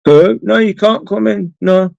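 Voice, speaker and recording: A man's voice: high-pitched, steady tone, measured pace, gravelly, a little mellow, no room sound, dull audio. A man hosting a late-night live stream from home, chatting to viewers in a rambling, sweary way. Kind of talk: casual chat with viewers.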